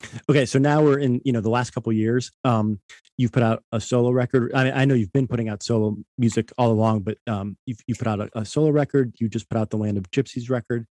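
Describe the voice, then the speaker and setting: Mellow-voiced interview host in a dry room. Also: male voice, medium pitch, fairly even intonation, fast talker, no room sound. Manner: rambling, admiring questions with restarts. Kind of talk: casual interview chat.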